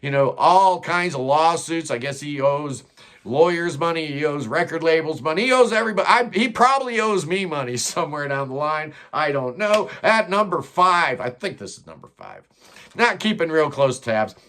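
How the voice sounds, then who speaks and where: A man's voice: on the high side, expressive, normal speed, fairly bright tone. A man hosting a music countdown, talking in a blunt, sarcastic way with plenty of "uh" and "man" thrown in. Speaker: music commentary host. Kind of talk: opinionated countdown monologue.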